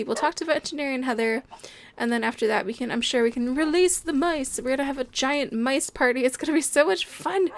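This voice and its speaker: A young woman hosting a Minecraft let's play, chatting casually and gushing with delight, with frequent gasps and laughs. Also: sits high. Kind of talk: casual gameplay commentary.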